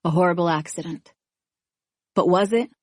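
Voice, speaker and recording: A woman narrating a first-person thriller audiobook in a measured, even storytelling manner. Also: lowish voice, dry recording, studio quality.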